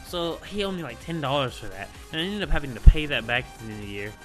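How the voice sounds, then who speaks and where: A young man casually telling a school story on his vlog, rambling and excitable, with lots of filler words. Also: on the high side, fast, over music. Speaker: gaming channel host.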